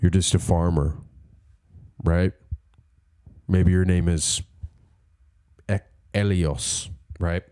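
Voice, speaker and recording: A man's voice: sits low, fairly even intonation, takes it slowly, pauses often, warm tone, clear, resonant tone. A young man co-hosting a casual podcast, spinning a rambling, joking story and acting out bits with a laugh. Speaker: podcast co-host. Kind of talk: casual chat.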